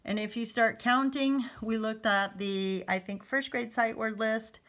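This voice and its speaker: A woman's voice: a little high, steady tone, unhurried, fairly bright tone. A middle-aged woman teacher explaining a phonics lesson to parents in a chatty way, repeating key points and checking in with "okay?".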